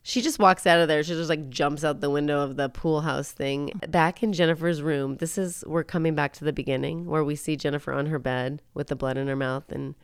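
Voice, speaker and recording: A woman's voice: sits low, a little fast, few pauses, smooth, no echo. A woman casually retelling a film plot in close detail, jumping into the characters' lines as she goes. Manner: animated storyteller, acts out quotes.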